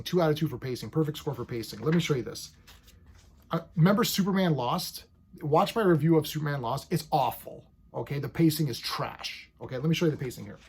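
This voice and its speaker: Excitable husky-voiced man reviewing comics. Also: a little high. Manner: excitable, animated, acts out characters' lines in quick paraphrase. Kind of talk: casual video review.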